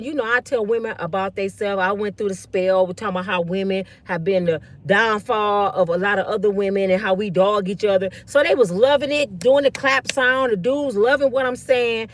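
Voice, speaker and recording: A woman's voice: medium pitch, moderate pace, few pauses. A woman in her fifties giving blunt, slangy, preachy commentary to her online viewers. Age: 50s. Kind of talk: casual ranting commentary.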